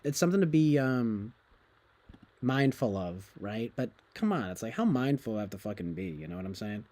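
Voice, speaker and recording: A man's voice: lowish voice, sing-song, normal speed, dark tone. Profane rambling young man on stream. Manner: profane, rambling, laughs often, mimics others. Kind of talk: casual rambling chat.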